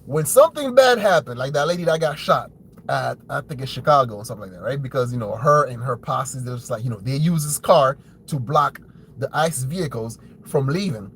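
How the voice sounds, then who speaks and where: Brisk and with lively intonation, a man's slightly bright voice delivers an opinionated, profane commentary rant, frequently tossing in "right?" and mimicking opponents in shrill fake voices. The audio is poor, with slight background noise.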